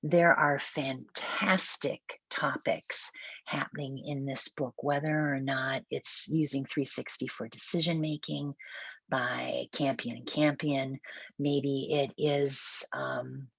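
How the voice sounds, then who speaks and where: A woman's voice: very deep voice, steady tone, slow pace, vocal fry, a bit bright, slightly rough, no echo. A woman with a Minnesotan accent facilitating a webinar roundtable, talking conversationally and thinking aloud with small restarts. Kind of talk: webinar presentation.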